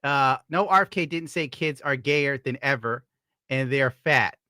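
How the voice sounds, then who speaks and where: A man's voice: mid-range voice, unhurried, sharp tone, dry recording, studio quality. A man from upstate New York giving crude, sarcastic commentary while browsing, laughing often. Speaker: streamer host.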